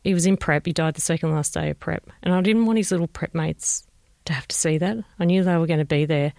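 Australian mum telling her story, gentle and thoughtful, bit of a gravelly fry, dry mic. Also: low voice, fast talker, no echo. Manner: reflective, gentle, re-enacts conversations. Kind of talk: personal recollection, interview.

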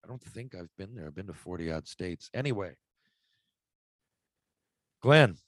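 A man's voice: sits low, animated, fast, a little mellow, dry recording. A man hosting his own podcast, talking casually and rambling from thought to thought. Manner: rambling, conversational, self-interrupting. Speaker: podcast host. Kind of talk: casual solo podcast monologue.

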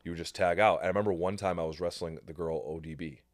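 A man with a very low voice hosts a casual podcast chat, telling his story with energy and acting out the other people's lines. He swears freely. The recording is dry and close to the mic. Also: fast, dry recording. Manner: animated storyteller, swears freely, acts out quotes. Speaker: podcast host.

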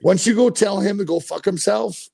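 A man's voice: sits high, normal speed, vocal fry, dark tone, husky, no room sound. Man, forties, ex-hockey player, blunt swearing stories, casual podcast chat, dry sound. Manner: blunt, profane storytelling.

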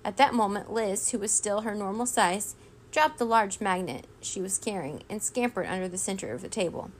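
A woman reading a children's storybook aloud in a steady, expressive way. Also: mid-range voice, moderate pace, a little hiss or hum. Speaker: reader.

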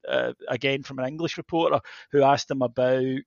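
A man's voice: mid-range voice, brisk, gravelly, no echo. A man, co-hosting a football podcast in casual chat, animatedly retelling what players and managers said. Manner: animated storytelling, acts out quotes. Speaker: podcast co-host, football journalist. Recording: dry, slightly dull podcast mic.

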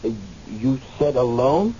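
A man's voice: mid-range voice, big pitch swings, measured pace, warm tone. An actor playing a nervous young medical examiner on his first day, unsure and hesitant, in a radio drama. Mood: uncertain. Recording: muffled radio recording with hiss.

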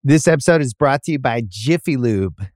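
A man's voice: mid-range voice, animated, normal speed, darkish tone, no room sound, clean studio sound. A man reading a sponsor ad in a conversational, personal way. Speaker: ad reader. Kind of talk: host-read ad.

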